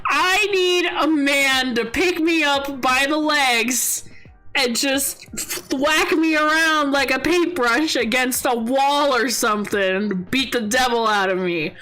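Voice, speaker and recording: A woman's voice: high voice, slow, sharp tone. A young woman streaming a game, chatting casually and teasing her chat, often exasperated and laughing.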